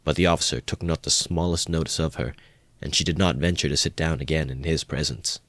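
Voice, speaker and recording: A man narrating a classic novel in a measured amateur audiobook reading. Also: rumbling low, fairly even intonation, a bit bright, no room sound.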